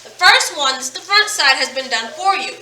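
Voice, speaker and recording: A woman teaching a phonics lesson to children, speaking slowly and emphatically and repeating each word and sound. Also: sits high, lively intonation, pushed and bright. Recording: echoey room, mic at a distance.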